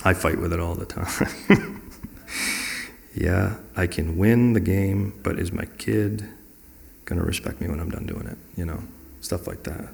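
A man with a low voice that has a gravelly fry in it tells earnest, reflective personal stories. He talks in a conversational way and sometimes acts out the words of other people. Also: a little slow, long pauses, a little mellow. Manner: earnest and reflective, acting out quoted dialogue. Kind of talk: personal storytelling in a conversational talk.

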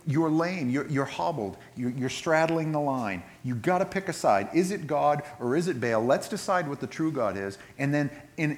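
A man preaching a sermon in a conversational way, retelling scripture with lively asides and frequent restarts. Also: fairly high pitch. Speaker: pastor.

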